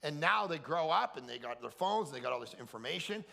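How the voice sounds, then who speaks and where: A middle-aged man preaching with a bright, forceful, gravelly voice that sits fairly high. He tells jokes and acts out quotes in a higher voice. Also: fast talker. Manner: animated, jokey storyteller acting out quotes in a high voice. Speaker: pastor. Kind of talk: sermon; energetic comic preaching. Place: large hall at a camp.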